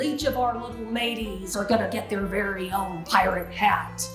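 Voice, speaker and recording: A woman's voice: medium pitch, steady tone, normal speed, vocal fry. Playful pirate-talking woman in an echoey room. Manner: pirate lingo and sung shanty bits. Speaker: library story time host. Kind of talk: playful pirate-themed promo talk. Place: library. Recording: echoey room with faint music.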